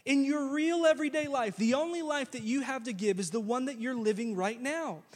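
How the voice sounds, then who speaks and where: A man with a high, light voice delivers a sermon in a big hall with a long ringing reverb. He tells the story with animated, slangy asides and acts out the characters as he goes. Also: a little fast. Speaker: pastor.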